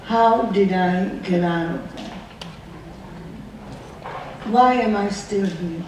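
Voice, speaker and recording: Slow, earnest woman in her nineties. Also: medium pitch, a little mellow, slight background noise. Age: 90s. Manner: slow, earnest storytelling full of rhetorical questions. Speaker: survivor speaker. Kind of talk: personal testimony talk. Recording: distant echoey hall recording, faint ambience.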